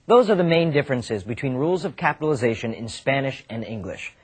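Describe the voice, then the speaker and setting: A man reading scripted instructional narration in a lively, explanatory way. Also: mid-range voice, quick pace, slightly rough.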